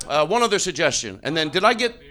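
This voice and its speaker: High, lively-voiced Philadelphia comedian. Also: male voice, quick pace, crowd noise. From Philadelphia, USA. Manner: mock-earnest, rambling, self-interrupting. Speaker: stand-up comedian. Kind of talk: improvised stand-up set. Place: comedy club stage.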